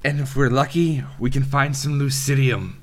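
Man voicing a gruff dwarf miner, slow hearty drawl, mid pitch, tabletop game. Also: lightly acted.

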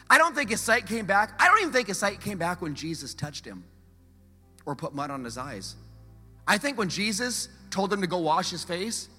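A man preaching a sermon as a pastor, telling the story in a lively, conversational way, swinging from loud urgency to hushed emphasis and putting rhetorical questions to the congregation. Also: high voice, slightly rough, in a large hall.

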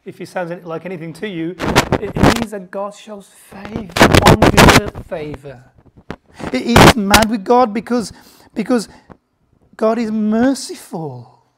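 A man preaching a sermon in an emphatic, conversational way, often pausing for effect. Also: sits high. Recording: loud background noise.

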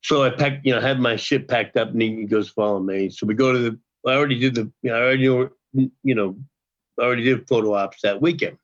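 An older man in his sixties tells a story as a podcast guest, swearing freely and doubling back on his words. His pitch sits in a middle range. The audio is dull and lo-fi. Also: quick pace. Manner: profane, animated, repeats himself. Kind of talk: casual storytelling.

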